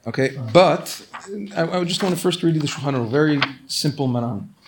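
Male Torah teacher, slightly high voice. Earnest and emphatic, quick readings followed by slow explanations. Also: noisy background. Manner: earnest, rapid-fire reading of quoted texts then slower explaining; emphatic, repeatedly urging listeners to pay attention. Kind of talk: recorded religious law class.

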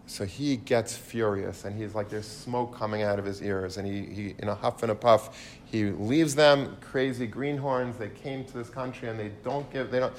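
A man telling a long story to listeners in a lively way, with asides and frequent restarts. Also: on the low side, moderate pace, a little hiss or hum. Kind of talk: storytelling talk.

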